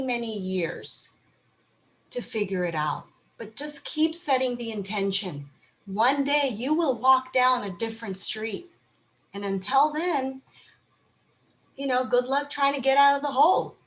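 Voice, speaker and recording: A woman's voice: on the high side, slight background noise. Woman, panel speaker on mental health, encouraging and conversational. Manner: encouraging, conversational, animated when acting out feelings. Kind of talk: online panel talk.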